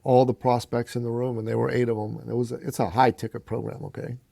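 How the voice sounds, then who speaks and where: A fast-talking man with a creaky voice, recorded dry, guests on a podcast to share a personal story. He's a vivid storyteller who calls the listener "brother" and impersonates the voices he quotes with big swings in pitch.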